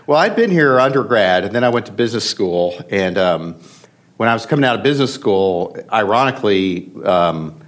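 A middle-aged man, a podcast guest, telling a personal story in a halting, emotional way with many fillers and restarts. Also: on the low side, animated. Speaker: podcast guest, venture investor. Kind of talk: storytelling in conversation.

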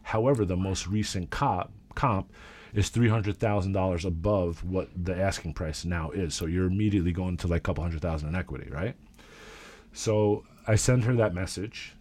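Deep-voiced man telling a story. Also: moderate pace. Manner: animated storyteller, swears freely. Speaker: real estate agent. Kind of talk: casual podcast chat.

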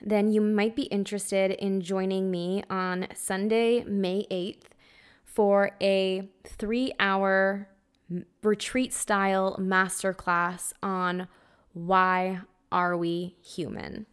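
A woman's voice: medium pitch, flat delivery, slow pace, clean tone. A young woman hosting a spiritual podcast in a casual monologue. She speaks earnestly and conversationally, with lots of "like" and the odd swear word, and she is emotional, close to tears. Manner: earnest, conversational, heavy use of "like", occasional swearing. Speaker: podcast host.

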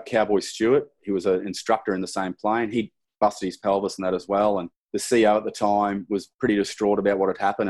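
A middle-aged Australian man with a fairly low voice recounts his past in a loose, conversational way. He rambles a little and keeps slipping in "you know" and "sort of". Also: a little mellow. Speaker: guest, former soldier. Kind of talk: casual interview storytelling.

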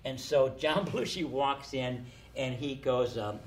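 An older man telling casual anecdotes, animated, acting out the people he quotes. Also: medium pitch, moderate pace, noisy background. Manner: animated storyteller, acts out quotes. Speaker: storyteller guest.

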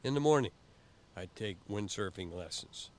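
Halting older man telling stories. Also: fairly low pitch, expressive, a little mellow. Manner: halting, repeats words and starts over often. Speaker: interviewee. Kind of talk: casual storytelling.

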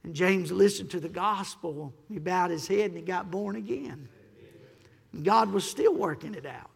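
A male pastor preaching a storytelling sermon, emphatic, acting out the people in his stories and rising to loud peaks. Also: sits high, moderate pace, creaky, slightly rough. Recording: long hall reverb.

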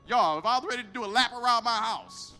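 A pastor with a very high, bright, forceful voice tells a testimony from the pulpit. He is animated and emphatic, playing out every side of the conversation. Soft music plays faintly behind him. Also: quick pace. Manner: animated, acts out both sides of conversations, emphatic. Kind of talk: storytelling sermon.

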